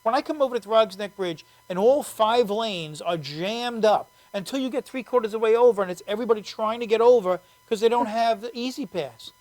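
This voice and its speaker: A woman comedian hosting a casual show, telling rambling comic stories in an animated way and laughing often. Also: on the high side, fairly quick, hardly any pauses. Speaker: comedian host.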